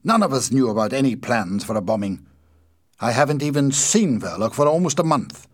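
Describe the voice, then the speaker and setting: A man reading the part of an agitated, angry male anarchist, pressing and indignant, in a husky, animated voice. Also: on the low side, moderate pace, no echo, studio quality.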